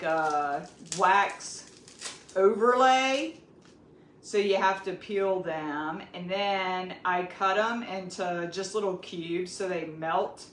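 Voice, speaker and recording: A woman with a Southern US accent hosting a casual cooking demonstration, chatting straight to her viewers. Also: mid-range voice. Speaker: cooking video host. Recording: echoey room with faint background noise.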